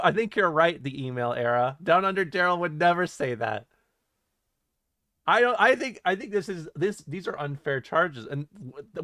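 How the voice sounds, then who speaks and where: Reading his live chat aloud, a man jokes, swears and laughs a lot in casual fashion. His voice sits on the high side and is a bit bright, in a dry recording with clean studio sound.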